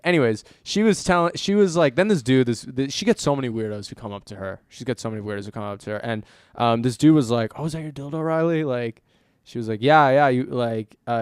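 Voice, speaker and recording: A young man co-hosting a casual podcast, telling an animated story full of acted-out quotes and frequent laughter. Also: mid-range voice, smooth, no echo, clean studio sound. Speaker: podcast co-host.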